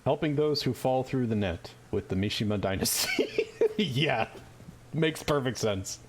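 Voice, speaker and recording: A man's voice: medium pitch, sing-song, measured pace, background noise. A man streaming a game, with joking, profane, rambling commentary. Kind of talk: casual gaming commentary.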